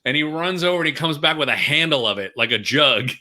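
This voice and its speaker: A middle-aged man with a bright, forceful voice tells a story in a casual, animated way. He slips into comic voices for the people he quotes, then drops back to his own. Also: a little high, fast talker. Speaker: podcast guest.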